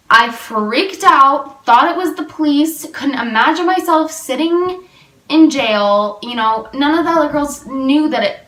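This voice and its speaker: A woman's voice: sits high, animated, slow, a bit bright. Young woman rambling through a story. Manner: rambling, filler-heavy storytelling. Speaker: vlogger. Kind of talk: storytime vlog. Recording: roomy and a little distant.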